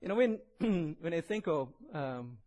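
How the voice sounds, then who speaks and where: A man with a strong Indonesian accent preaching in a church, chatting and joking before he reads scripture slowly. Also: fairly high pitch, animated, dark tone, rough recording. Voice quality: husky, heavily accented English. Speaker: visiting preacher. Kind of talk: sermon.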